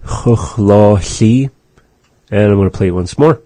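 A man hosting a radio language lesson, repeating each phrase slowly and carefully. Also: fairly low pitch, dark tone, dry recording. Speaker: language teacher and radio host. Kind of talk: slow instructional language lesson.

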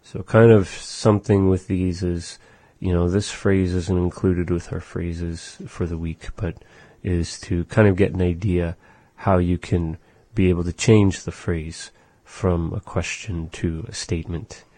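A man co-hosting a casual language-lesson chat, relaxed, explaining phrases and repeating them slowly. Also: deep voice, no room sound. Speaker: language show co-host.

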